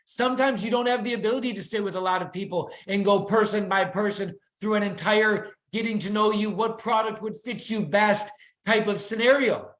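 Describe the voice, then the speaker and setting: An excitable presenter giving a weekly company update in an enthusiastic sales-pitch manner, sharing slides over a video call. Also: a little fast, echoey room.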